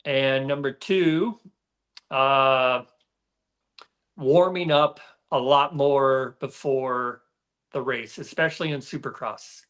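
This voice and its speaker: A middle-aged man, a former racer, chatting as a podcast guest in a relaxed, rambling way with many fillers. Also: medium pitch, slow pace, long pauses. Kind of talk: casual podcast conversation.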